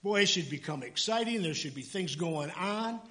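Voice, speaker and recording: Man, pastor, sermon in church, somewhat high-pitched, chatty, self-correcting. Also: lively intonation, moderate pace, fairly bright tone, in a large hall. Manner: conversational, self-correcting, jokes with the congregation.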